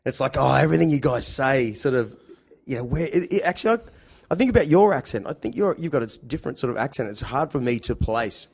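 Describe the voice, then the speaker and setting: Australian man, podcast host, casual chat, laughs easily, mid-pitched voice. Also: expressive, fast, vocal fry, a little mellow, breathy edge. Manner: chatty, laughs often, hesitant fillers. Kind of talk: casual conversation.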